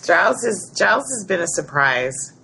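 A woman co-hosting a podcast, chatting casually in an expressive way. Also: fairly low pitch, moderate pace, gravelly, slight background noise. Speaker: podcast co-host. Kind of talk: casual chat.

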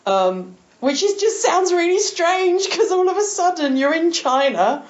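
A woman's voice: very high-pitched, expressive, unhurried, dull audio. Chatty woman podcast host. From England. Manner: chatty, enthusiastic, laughs often. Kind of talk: casual chat.

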